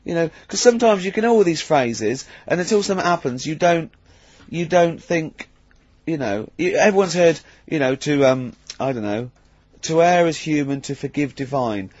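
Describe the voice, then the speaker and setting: A man's voice: on the high side, moderate pace, few pauses, no echo. Dry, close storytelling man. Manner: animated storyteller, laughs a lot, explaining. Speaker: radio show co-host. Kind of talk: casual studio banter. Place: radio studio. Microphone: studio microphone. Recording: dry, muffled lo-fi sound.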